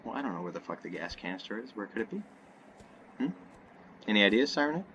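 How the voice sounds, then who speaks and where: Over loud horror-game noise, a young gameplay commentator gives rambling, joking let's-play commentary, hedging often and drifting off topic. His fairly low voice is very animated and fast, with lo-fi sound.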